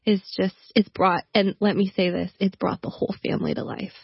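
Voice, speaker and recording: A woman's voice: medium pitch, fairly even intonation, vocal fry, slightly rough, no echo, lo-fi sound. A woman speaking as a guest about her husband in an emotional, heartfelt way. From Canada. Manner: warm, emotional, quick bursts. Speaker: guest, wife. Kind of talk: conversational interview.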